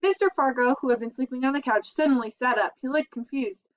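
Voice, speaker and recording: A woman narrating a children's chapter book aloud in a lively, expressive way. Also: high-pitched, quick pace. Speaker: audiobook reader. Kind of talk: storybook narration. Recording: dull lo-fi recording.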